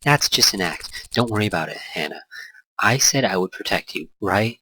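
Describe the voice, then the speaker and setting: A man's voice: lowish voice, animated, normal speed, sharp tone, breathy edge, heavily acted, rough recording. A man voicing a carefree, scheming young female student who talks in a breezy, reassuring way.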